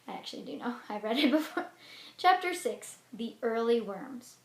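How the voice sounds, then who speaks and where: A woman teacher reading a children's book aloud in an expressive way, then explaining class activities. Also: a little high, moderate pace. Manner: expressive storybook reading with lively swings. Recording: roomy echo with faint noise.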